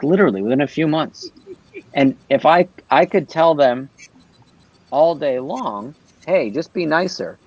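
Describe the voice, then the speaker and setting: A man's voice: mid-range voice, a little mellow, no room sound, poor audio. A man talking earnestly on a livestream panel, explaining his ideas and often checking in with "right?".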